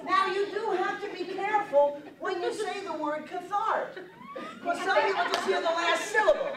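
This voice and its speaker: A woman's voice: very high-pitched, moderate pace, crowd noise. A woman giving a humorous lecture to a live audience, telling stories and laughing often. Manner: storytelling, laughing often, playful. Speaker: speaker on stress and humor. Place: large lecture hall with audience. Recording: echoey hall, distant mic, audience noise.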